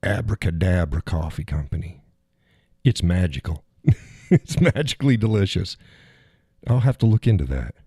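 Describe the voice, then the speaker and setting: A man's voice: sits low, animated, moderate pace, long pauses, dark tone, husky, dry recording, studio quality. A man hosting a casual livestream, rambling and chuckling as he answers viewers in the chat. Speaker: live stream host.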